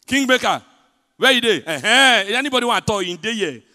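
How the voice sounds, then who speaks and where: A man with a Nigerian accent performing a stand-up comedy set in pidgin, telling stories with big swings between loud punchlines and hushed asides. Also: sits high, sing-song, fast. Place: large hotel event hall. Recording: live hall reverb.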